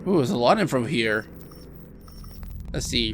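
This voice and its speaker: A man talking casually over a video game, reading out on-screen text in a middle-pitched voice and breaking off for wry comments. Faint noise sits in the background. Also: lively intonation, normal speed, a bit bright. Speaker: gameplay commentator.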